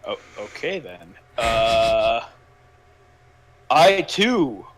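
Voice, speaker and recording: Male co-host, mocking and blunt, swears freely, average pitch. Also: sing-song, very slow, a bit bright. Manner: mocking, profane, exasperated. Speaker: co-host reviewing a story. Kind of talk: sarcastic commentary and reading.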